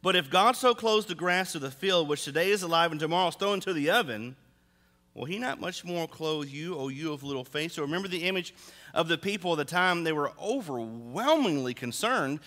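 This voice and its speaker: A man's voice: on the high side, lively intonation, fairly quick, sharp tone. A middle-aged male pastor preaching a sermon in a church, telling stories with humor and animation. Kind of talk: sermon with storytelling. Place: church sanctuary. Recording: long reverb in a large hall.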